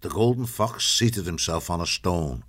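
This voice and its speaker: A man with a very low voice narrating a storybook chapter. He reads in a measured, even storytelling manner. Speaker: audiobook narrator. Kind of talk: scripted narration.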